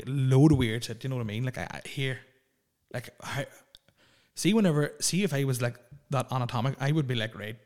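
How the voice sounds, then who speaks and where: A man's voice: medium pitch, a little mellow. A young man hosting a casual solo podcast, rambling, joking and swearing freely. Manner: rambling, profane and jokey. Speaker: podcast host.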